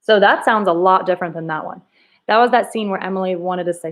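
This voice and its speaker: A woman's voice: lowish voice, quick pace. A woman teacher leading a reading lesson, thinking aloud and coaxing students with questions. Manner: thinks aloud, rereads lines in different tones.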